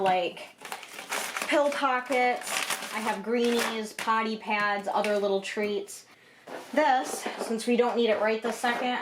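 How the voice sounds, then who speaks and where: A woman's voice: medium pitch, noisy background. A young woman from Michigan with a Michigan American accent, rambling chattily through a casual home vlog with lots of "like" and "you know". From Michigan, USA. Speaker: vlogger.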